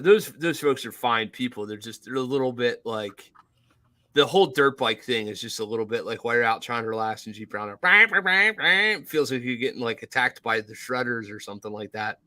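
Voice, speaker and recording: A man co-hosting a podcast, telling stories in casual chat, animated and profane, acting out others in a shouting voice. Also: mid-range voice, brisk. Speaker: podcast co-host.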